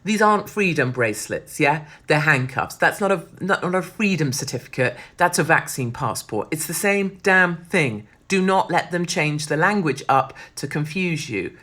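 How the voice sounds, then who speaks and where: A woman's voice: deep voice, lively intonation, moderate pace, few pauses, fairly bright tone. A woman, hosting a blunt, sweary, sardonic monologue. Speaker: host. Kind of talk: casual monologue.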